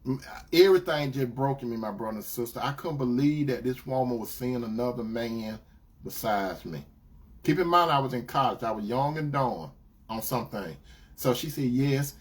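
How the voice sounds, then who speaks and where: A man preaching to his listeners, telling a personal story with animated re-enacted dialogue and direct asides to them. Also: medium pitch, normal speed. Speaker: preacher and host of a talk stream. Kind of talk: dramatic personal storytelling to a congregation.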